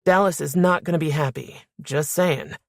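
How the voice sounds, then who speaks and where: A woman's voice: low voice, moderate pace, vocal fry, dry recording, clean studio sound. A woman doing a cocky wisecracking security chief. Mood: joking. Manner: teasing, showy, puts on a mock English accent. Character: cocky joking young man, head of security.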